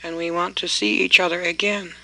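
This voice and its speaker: Man doing a stone-clad giant, slow, heavy, plain spoken, high bright voice. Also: little pitch movement, gravelly, heavily acted, poor audio. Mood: conciliatory.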